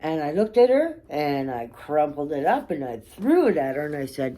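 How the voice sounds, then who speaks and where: A woman tells her own story straight to camera in a low, warm voice. She is candid and blunt, curses freely, and keeps checking in with her listeners. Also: wildly swooping pitch, moderate pace, few pauses. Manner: candid and blunt, swears freely, frequent "okay?" and "right?". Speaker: vlogger telling her life story.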